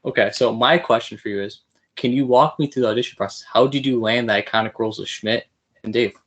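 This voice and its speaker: Eager young podcast host. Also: male voice, mid-range voice, quick pace, a bit bright, highs cut off. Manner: playful, eager, laughs often. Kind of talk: casual interview chat.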